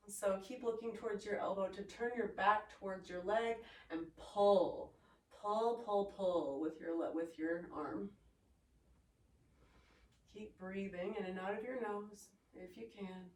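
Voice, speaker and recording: A woman teaching a yoga class, giving calm, encouraging cues with playful asides. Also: medium pitch. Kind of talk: guided yoga class instruction. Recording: echoey room, voice from a distance.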